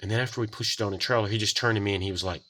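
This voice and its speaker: Man, lowish voice, rambling casual storytelling, repair tech. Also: fairly even intonation, very fast, a bit bright. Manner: rambling, quotes others in shifting voices. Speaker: golf cart repair technician.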